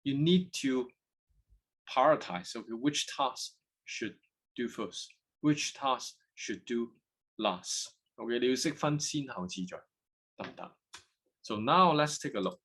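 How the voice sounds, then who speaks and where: A man's voice: mid-range voice, expressive, slow, long pauses, a bit bright. A man with a Hong Kong accent giving a lecture, moving between English and Cantonese and checking in with students through frequent "OK"s and "can you follow?". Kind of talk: university lecture.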